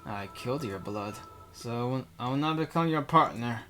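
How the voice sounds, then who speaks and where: A man's voice: medium pitch, animated, moderate pace, pushed and bright, soft background music. A young man reading a visual novel aloud into a desk microphone, breaking off for rambling casual asides.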